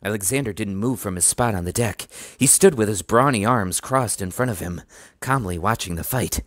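Man, storybook reader, low voice, steady, even, dry close sound. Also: moderate pace, dry recording. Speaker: audiobook reader. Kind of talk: storybook narration.

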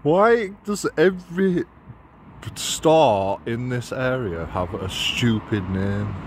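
A man's voice: medium pitch, animated, takes it slowly, a little hiss or hum. A man, walking outdoors and giving mocking commentary to his phone camera while laughing at his own jokes. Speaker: vlogger. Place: outdoors on city streets.

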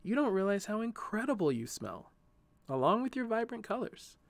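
A man voicing a cheerful, gentle male sunflower in a storybook, speaking softly and teasingly. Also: sits high, sing-song, moderate pace, vocal fry, no room sound, voice pushed up, full character voice. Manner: soft, warm and teasing. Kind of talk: storybook narration.

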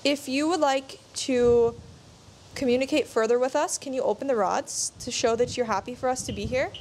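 Ghost-hunting vlogger, woman, high bright voice, asks spirits questions slowly, faint hiss behind. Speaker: paranormal investigator. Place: in a tower at night.

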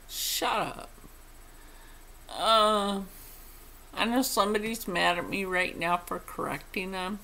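Blunt, slow-talking woman vlogger. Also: medium pitch, pushed and bright. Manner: blunt, opinionated, swears freely. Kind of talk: casual chat to camera.

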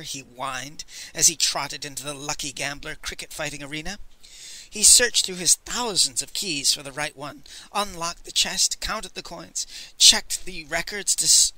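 A man narrates an audiobook with expressive, animated storytelling. His voice is strikingly bright, sits a bit high for a man, and moves freely in pitch. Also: poor audio.

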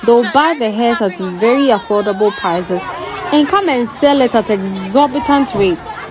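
A woman vlogs on her phone at an outdoor venue, talking in an indignant, exclaiming way. A crowd can be clearly heard around her. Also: on the high side, a little slow, poor audio. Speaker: vlogger at an event. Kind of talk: casual outdoor vlog commentary.

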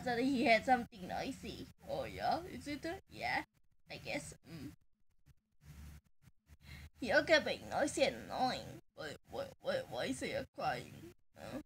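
A woman's voice: high-pitched, a little hiss or hum. A woman in playful reaction banter, teasing, giggling and swearing. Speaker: fan video maker.

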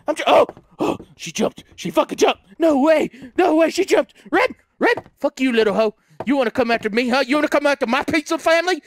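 High-voiced man yelling through a horror game. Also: a little fast, few pauses, no room sound, studio quality. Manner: panicky, yelps and screams, joking. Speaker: let's play gamer.

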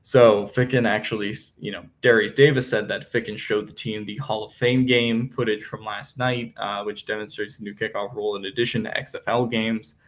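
Young male podcast host, low-pitched, casual solo analysis with lots of fillers. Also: level tone, normal speed, few pauses. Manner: conversational, many fillers and self-corrections.

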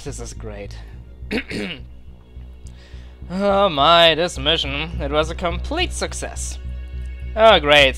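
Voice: medium pitch, pushed and bright, smooth. A let's play commentator giving casual, gleeful commentary with a scratchy throat, talking to the soldiers on screen. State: throat acting up, clearing it.

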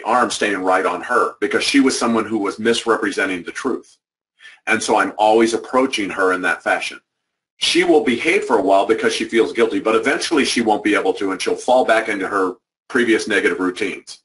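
Picked up from afar, a workshop presenter motivates a group of educators, talking conversationally and with emphasis while he hammers home his points more than once. His voice is on the low side, a little fast, and fairly bright in tone.

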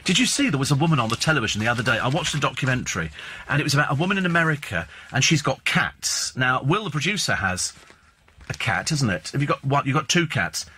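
In a radio studio, a man hosts a talk show, speaking into a studio microphone with a mid-range voice that's sharp and a bit breathy. He rambles through casual chat and celebrity gossip, opinionated and sardonic about the news.

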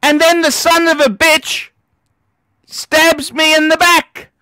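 A man hosts a livestream in a profane, repetitive rant that breaks into shouting. His voice is bright and his delivery slow and drawn out. The sound is dry and close. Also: very high voice, little pitch movement, no echo. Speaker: livestream host.

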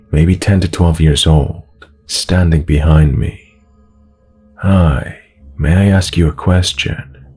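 Male horror narrator: very low, husky, slow and measured, soft music bed. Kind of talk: scripted horror story narration. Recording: narration over background music.

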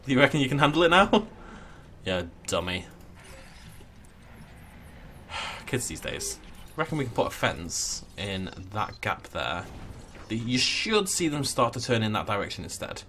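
A man's voice: medium pitch, sing-song, brisk, pushed and bright, a little hiss or hum. A man giving casual let's play commentary in a playful, jokey, mock-dramatic way. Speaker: gameplay commentator.

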